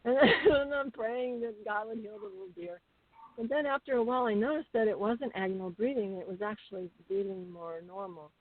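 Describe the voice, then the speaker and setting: A woman's voice: mid-range voice, brisk, no room sound. Chatty middle-aged woman on a tinny call. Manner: chatty, animated storyteller with many fillers. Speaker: guest. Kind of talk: casual interview storytelling. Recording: tinny phone-like call audio.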